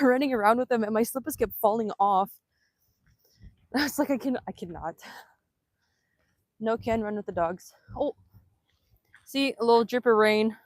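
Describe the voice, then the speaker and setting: Brief: upbeat woman live-streaming outdoors on a phone, slightly high voice, close and dry, talks excitedly and laughs often. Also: no room sound. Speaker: vanlife vlogger. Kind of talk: casual live-stream chat. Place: outdoors in Hawaii.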